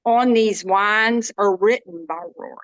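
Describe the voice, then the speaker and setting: A woman's voice: medium pitch, measured pace, dry recording, highs cut off. A woman, chatting casually and folksily while demonstrating a dish. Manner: chatty, folksy, self-interrupting. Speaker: cooking demo guest.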